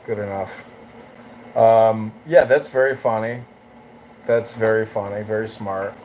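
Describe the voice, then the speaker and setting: A man's voice: lowish voice, fairly even intonation, unhurried, a little mellow, slight background noise, rough recording. A man hosting a live audio chat room, ranting in a profane, taunting, swaggering way.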